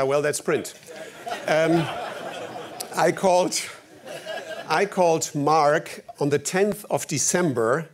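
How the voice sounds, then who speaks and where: Man, German accent, higher-pitched voice, award ceremony host, formal speech, dry humor, slightly halting. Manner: wry, anecdotal, slightly halting phrasing.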